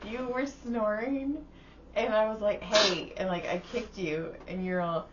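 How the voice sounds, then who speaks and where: A woman's voice: mid-range voice, fairly even intonation, unhurried. A woman hosting a casual podcast, telling chatty stories and laughing often. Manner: giggly, chatty storyteller. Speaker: podcast host. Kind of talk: casual chat. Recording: slightly dull audio with faint hiss.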